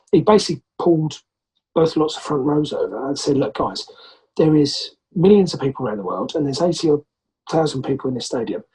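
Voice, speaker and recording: The audio is poor, but it carries an English former rugby player's slightly rough, fairly high voice. As a guest on a podcast, he recounts an anecdote with plenty of energy, acting out the quoted speakers.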